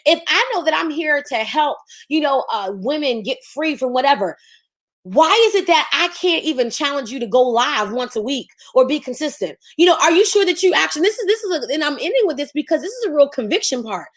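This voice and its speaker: A woman's voice: high voice, animated, a little fast. A woman business coach, teaching on a livestream in a sassy, preachy way and acting out mocking voices.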